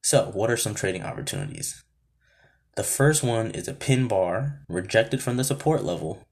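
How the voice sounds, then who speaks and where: A man explaining trading chart setups in a steady, methodical way, now and then breaking off to talk to himself. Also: fairly low pitch. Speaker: trading educator.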